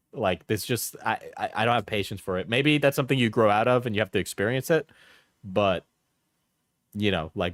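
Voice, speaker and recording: A man's voice: fairly low pitch, dry recording. A man streaming live, casually rambling through his thoughts with restarts and trailing asides.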